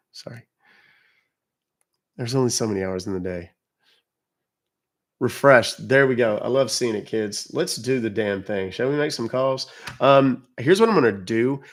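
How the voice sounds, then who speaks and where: A man from the United States hosting a casual livestream, chatty and blunt as he answers viewers' chat comments. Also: mid-range voice. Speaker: livestream host.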